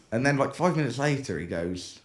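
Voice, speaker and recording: A man's voice: mid-range voice, normal speed. A young man with a British accent, co-hosting a casual podcast, laughing as he tells a long story and acting out the other people in it. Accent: British English. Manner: animated, laughs through his own story, acts out voices. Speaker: podcast co-host.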